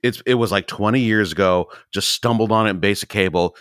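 A man with a lowish voice chats casually on a podcast, recorded close and dry. He tells stories with lots of energy, jumping up high when he acts out his own reactions. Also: fairly quick, clean tone, no room sound. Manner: animated storyteller, jumps high when quoting himself. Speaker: podcast co-host. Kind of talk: casual chat.

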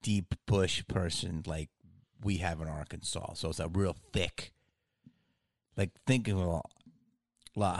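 A man's voice: deep voice, fairly even intonation, a little slow, pauses often, no echo, studio quality. A man hosting a podcast, talking in a rambling, casual way with frequent laughs and easy swearing. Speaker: podcast host. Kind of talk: casual chat.

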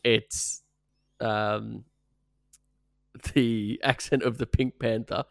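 A man's voice: mid-range voice, fairly even intonation, drawn-out words, gravelly, no room sound, studio quality. A man co-hosting a casual podcast, asking questions, hesitant and often laughing. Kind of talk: casual chat.

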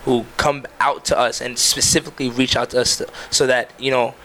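A man's voice: mid-range voice, level tone, brisk, crowd noise. A man, a musician guest, telling a story with energy and often chiming in over others. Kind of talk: casual storytelling.

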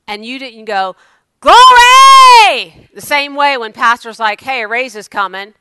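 A woman preaching a sermon, moving from loud exclamations to hushed asides. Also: fairly high pitch, normal speed, noisy background.

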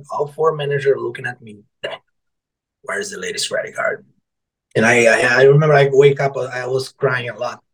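On a rough recording, a medium-pitched man recounts his life as an author in a podcast interview. His sentences ramble and restart, the swearing flows freely, and he animatedly acts out quotes from coworkers and customers.

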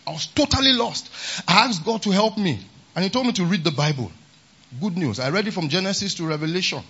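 A man's voice: high voice, expressive, a little fast, bright, forceful tone, breathy edge, lo-fi sound. A man preaching a sermon at a conference, emphatic and often repeating a refrain of praise. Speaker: pastor. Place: large conference hall.

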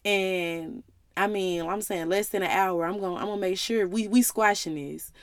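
A woman in her twenties hosting a casual podcast monologue, telling a personal story in an animated, slangy, conversational way and addressing listeners directly. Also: medium pitch, normal speed, dry recording, studio quality. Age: 20s. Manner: animated storyteller, acts out her own side of talks with God; slangy and conversational, calls listeners y'all and baby. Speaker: podcast host.

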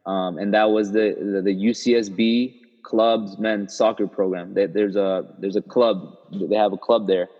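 A young man, a former college soccer player, telling his story in a casual interview, with loose, halting phrasing and many fillers and restarts. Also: on the low side, steady tone. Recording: roomy, slightly muffled sound.

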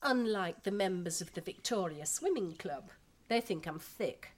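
A woman's voice: lowish voice, lively intonation, moderate pace. An actress in her thirties with a Yorkshire accent, playing a frank, gossipy expat housewife and mother in a radio drama. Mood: chatty. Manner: blunt, gossipy, down-to-earth.

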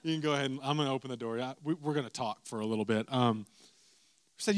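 A man's voice: medium pitch, fast, long pauses, no room sound. A young adult man preaching a sermon, telling a story with lots of repeated asides to the listeners. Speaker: pastor.

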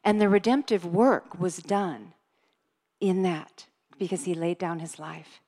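A woman preaching a sermon in a church, reading scripture slowly and earnestly with emphasis. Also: lowish voice, mellow, big-room sound. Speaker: church speaker. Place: church sanctuary.

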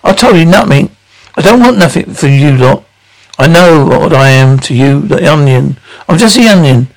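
A middle-aged Cockney father in a sitcom. He blusters and moans and feels hard done by. He has a gravelly edge and swings widely in pitch. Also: animated, normal speed, low-quality recording. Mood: self-pitying. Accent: Cockney London. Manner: blustering, whining complaints. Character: grumpy loud-mouthed working-class father, middle-aged, self-pitying. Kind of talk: studio sitcom radio soundtrack.

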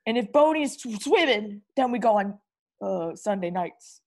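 A woman's voice: mid-range voice, expressive, a little slow, a little mellow. A woman playing a brash, slangy teenage boy who breakdances and pranks, in an improv comedy interview. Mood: boastful. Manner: slangy, boastful, calls people bro.

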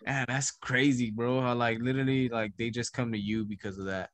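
A man's voice: mid-range voice, fairly even intonation, fairly quick, fairly bright tone, no room sound. Easygoing slangy man. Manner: easygoing, slangy, says bro a lot. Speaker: trading teacher. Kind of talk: casual chat.

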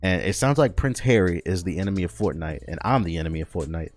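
A man's voice: low-pitched, lively intonation, fast, no room sound, soft background music. A man hosting a casual solo podcast, joking and ranting with lots of swearing and restarts. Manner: profane, joking, rambling with restarts. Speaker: podcast host.

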